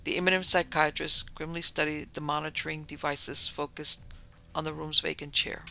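A man narrating a thriller in a measured, dramatic reading. His voice is strongly gravelly and bright with a tense edge, pitched a little high for a man. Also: little pitch movement. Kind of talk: scripted narration of a thriller story.

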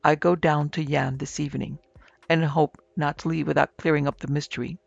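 A man doing a calm, formal Victorian investigator. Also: a little high, vocal fry, no room sound. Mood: measured. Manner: measured, formal. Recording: slightly muffled with soft music.

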